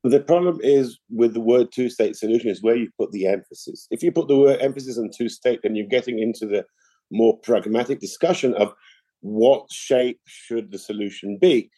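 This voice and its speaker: A middle-aged man answering interview questions in a measured, explanatory way, often restarting his sentences. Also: medium pitch, dark tone, no echo. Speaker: interview guest, political analyst.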